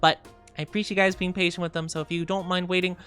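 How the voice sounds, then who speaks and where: A woman's voice: on the low side, little pitch movement, fast, a bit bright, smooth, soft background music. A woman streamer chatting casually and playfully with her viewers, greeting them by name. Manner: playful sing-song asides. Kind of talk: casual livestream chat.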